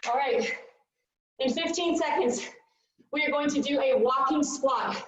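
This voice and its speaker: A woman's voice: sits high, a little slow, pauses often. A woman fitness coach calling out a workout with upbeat countdowns and whoops, out of breath from exercising along. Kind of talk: live workout instruction. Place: large fitness studio. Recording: echoey, distant, dull studio recording.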